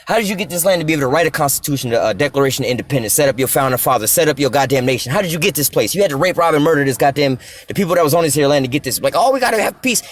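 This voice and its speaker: Fast, furious, profane ranting man. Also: a little high. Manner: profane, heated, preachy, addresses the clip directly. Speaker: commentator reacting to a clip. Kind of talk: angry ranting commentary.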